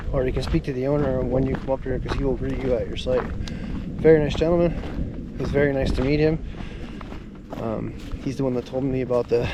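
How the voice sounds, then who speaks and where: Breathless male vlogger, easygoing tour-guide chat, recorded outdoors in heavy wind. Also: mid-range voice. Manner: relaxed, chatty, frequent ums. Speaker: camping vlogger. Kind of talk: casual walking tour narration. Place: windy mountaintop campground outdoors. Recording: loud wind noise outdoors.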